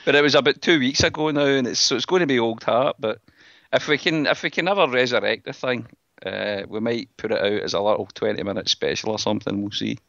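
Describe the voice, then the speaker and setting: A man's voice: medium pitch, quick pace, gravelly, fairly bright tone, no echo, dull audio. A Scottish man hosting a podcast, chatting casually and joking with his co-hosts. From Scotland. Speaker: podcast host. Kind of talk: casual chat.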